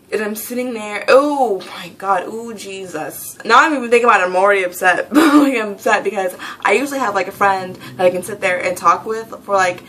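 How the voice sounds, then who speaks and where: Bright-voiced exasperated teenage girl vlogging. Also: mid-range voice, slight background noise. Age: teens. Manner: rambling, exasperated, laughs often. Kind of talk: casual vlog rant.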